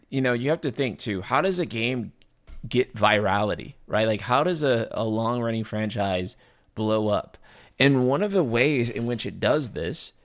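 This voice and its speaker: A man live streaming, chatting casually with his viewers, rambling and often restarting his sentences. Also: mid-range voice. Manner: casual, swears, talks to chat.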